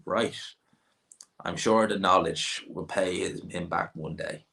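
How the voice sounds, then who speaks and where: The Irish host of this casual livestream speaks slowly in a low, gravelly voice that sounds pushed and bright, with a little hiss or hum in the audio. He rambles opinionatedly in reply to viewer comments, often restarting.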